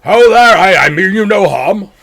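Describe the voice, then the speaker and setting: Man putting on a bellowing gruff dwarf miner. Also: sits high, lively intonation, normal speed, voice pushed up, exaggerated voice. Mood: hearty. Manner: loud, bellowing, hearty.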